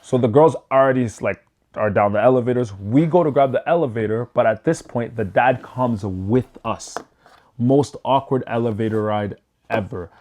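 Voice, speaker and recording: A young man tells a personal story to camera in a relaxed, casual style. His delivery is lively, and he drops into what others said as he goes. He swears freely and keeps it loose. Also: mid-range voice, moderate pace. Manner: animated, acts out what people said; loose and profane.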